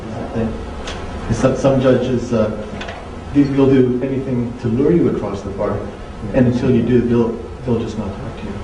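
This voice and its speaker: A man in the seminar audience adding a halting remark, repeating words as he goes. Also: mid-range voice, steady tone, mellow. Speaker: seminar attendee. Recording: distant, roomy, murmur of crowd.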